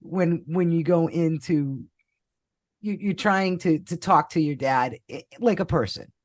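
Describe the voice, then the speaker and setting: A woman's voice: on the low side, unhurried, a little mellow. A woman hosting a casual interview podcast, chatty and playful, laughing often. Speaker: podcast host.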